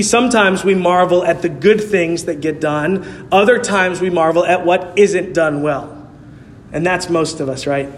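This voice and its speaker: A pastor with a notably high voice delivers his sermon with emphatic conviction, driving his points home through repeated rhetorical lines. His words ring out with a long, hall-like reverb. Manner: emphatic preaching with rhetorical repetition.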